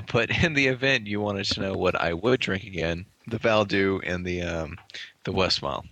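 A man's voice: low-pitched, moderate pace, a bit bright, no echo. A man co-hosting a casual chat about beer, laughing often and trailing off into restarts. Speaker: podcast co-host reviewing beer.

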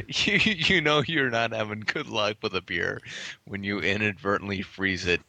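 A man's voice: lowish voice, unhurried, gravelly, sharp tone, no echo. A man co-hosting a casual chat about beer, laughing often and trailing off into restarts. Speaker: podcast co-host reviewing beer.

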